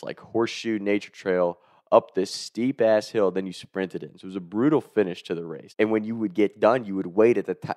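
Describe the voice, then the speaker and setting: A man's voice: fairly low pitch, dry recording, clean studio sound. A man casually telling a funny story, chuckling as he goes and swearing freely. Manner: chuckles through the telling, profane, animated.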